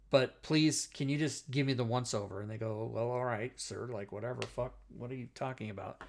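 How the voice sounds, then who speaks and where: A man's voice: medium pitch, fairly bright tone. A middle-aged man telling a long personal story in casual chat as a talk show host. He rambles, swears a lot and keeps cutting himself off. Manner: rambling, profane, self-interrupting.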